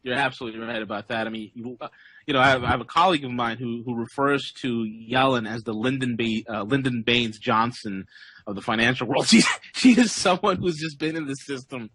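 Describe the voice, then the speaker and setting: A man's voice: medium pitch, brisk, a bit bright, dry recording. A man hosting an interview, intense and stammering as he repeats words. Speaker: interview host. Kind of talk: interview conversation.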